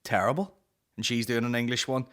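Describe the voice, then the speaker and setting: On his solo comedy podcast, this thirty-something host swears, rambles, and keeps interrupting himself. His mid-range voice is a bit bright and runs a little fast.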